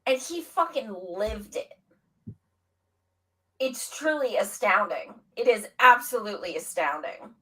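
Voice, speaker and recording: A woman's voice: fairly high pitch, lively intonation, a little slow, a bit bright, recorded from a distance, low-quality recording. Heated, swearing woman co-host. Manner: blunt, heated, swears a lot. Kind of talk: casual political chat.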